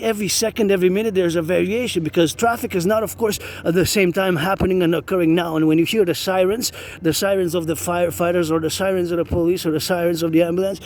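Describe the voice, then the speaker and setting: A man vlogging while he walks city streets, rambling and repeating himself as he thinks aloud. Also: sits high. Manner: rambling, repetitive, thinks aloud, chants cadences. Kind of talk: rambling walking vlog. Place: city streets outdoors with traffic. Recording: street noise behind.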